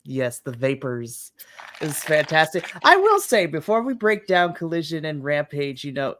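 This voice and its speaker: A man's voice: fairly high pitch, normal speed, no room sound. A man hosting a late-night wrestling podcast, joking and upbeat as he chats with his co-host. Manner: playful, joking, energetic.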